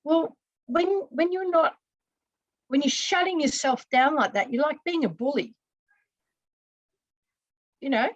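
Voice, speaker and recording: A woman's voice: high voice, a little slow, long pauses, no echo, low-quality recording. A woman, a counselor talking earnestly on a podcast and explaining with restarts and asides. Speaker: guest, counselor. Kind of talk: casual podcast conversation.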